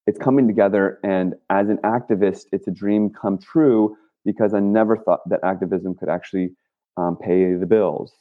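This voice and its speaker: Man talking over a tinny phone line. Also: low-pitched. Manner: rambling, with many fillers and restarts. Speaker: guest, activist and clothing maker. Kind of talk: casual interview talk.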